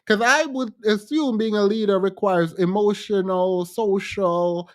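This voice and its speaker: A man hosting a livestream, commenting with animated, incredulous rhetorical questions and repetition. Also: high-pitched, measured pace. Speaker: podcast host.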